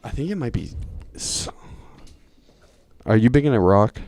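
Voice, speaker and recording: A man hosting a casual podcast chat, animated and jumping in with questions. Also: medium pitch, a little slow, no room sound, clean studio sound. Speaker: podcast host.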